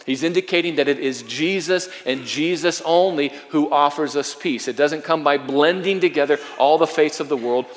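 A man's voice: fairly high pitch, moderate pace, hardly any pauses, long reverb tail. A man preaching a sermon as a pastor, earnest and emphatic, often repeating his phrases.

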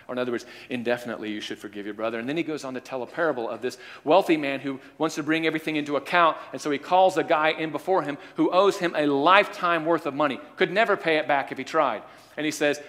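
Male pastor, average pitch, dramatic storytelling sermon, long hall reverb. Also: quick pace. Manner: acts out parable voices, shifting loud and soft.

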